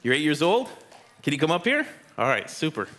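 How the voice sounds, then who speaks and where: A man's voice: a little high, big pitch swings, fairly quick, a bit bright. Encouraging man teaching kids in church. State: out of breath. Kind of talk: family Bible lesson. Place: church hall with audience.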